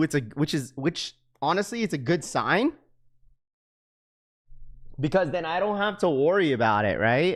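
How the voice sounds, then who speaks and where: Excitable young man livestreaming to chat. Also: mid-range voice. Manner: excitable, slangy, keeps repeating himself to chat. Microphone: webcam setup.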